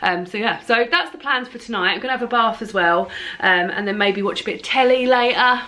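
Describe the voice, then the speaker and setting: A woman's voice: fairly high pitch, a little fast, bright, forceful tone. A young woman chatting at home to camera about her reading plans, giggly and chatty with lots of ums and restarts. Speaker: book vlogger. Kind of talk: casual chat to camera. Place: at home indoors.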